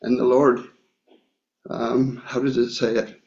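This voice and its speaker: A man gives a slow, reflective sermon, pausing often and filling gaps with small hesitations. His voice sits at a middle pitch. It rings in an echoey room, and the sound is a bit dull. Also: level tone, darkish tone. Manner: slow, reflective, with frequent pauses and fillers. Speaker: preacher. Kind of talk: sermon, Bible reading and personal story.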